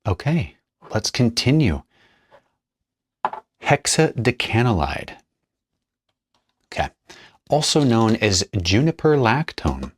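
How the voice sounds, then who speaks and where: A man's voice: mid-range voice, very animated, takes it slowly, pauses often, a little hiss or hum. A man explaining perfume materials as he mixes them, chatting casually and thinking aloud while he works. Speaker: perfumer demonstrating a blend. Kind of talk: casual hands-on tutorial narration.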